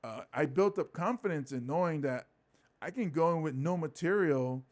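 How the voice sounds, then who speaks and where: Animated comic man, higher voice. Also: moderate pace. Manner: animated, acts out quotes in voices. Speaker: stand-up comic guest. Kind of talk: casual interview storytelling.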